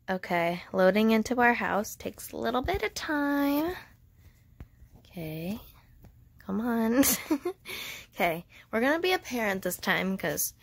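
Excited chatty young woman gamer. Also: fairly high pitch, dry recording. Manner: excited and chatty, laughs often; reads game dialogue aloud. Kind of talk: casual gameplay commentary.

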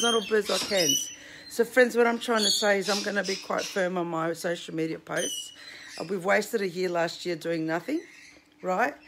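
Blunt, chatty woman vlogger. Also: on the low side. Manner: chatty, blunt, scolding, coos at her birds. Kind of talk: casual talk to camera. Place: home with a bird deck, indoors. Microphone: handheld phone camera. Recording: noisy home with squawking birds.

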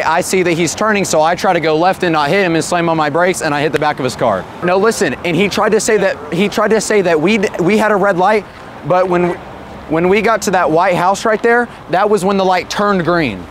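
Upset young man on a noisy street. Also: high voice. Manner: upset, swearing, rambling. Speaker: vlogger. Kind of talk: casual vlog talk. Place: outdoors by a road after a crash.

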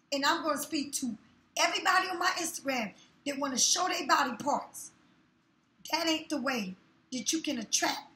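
Blunt, profane woman with a high voice. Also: pushed and bright. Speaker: tarot reader. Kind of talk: casual tarot reading monologue. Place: room in her new home. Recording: echoey room.

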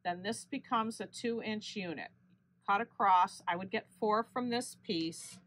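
A woman hosting a quilting channel, explaining each sewing step calmly and correcting herself now and then. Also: mid-range voice, measured pace. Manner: steady step-by-step explaining with small self-corrections. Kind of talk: unscripted sewing tutorial.

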